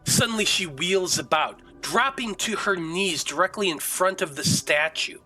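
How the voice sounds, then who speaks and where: A man's voice: sits high, expressive, moderate pace, bright, forceful tone, faint music behind, rough recording. A man narrating a tabletop game as game master, describing scenes vividly.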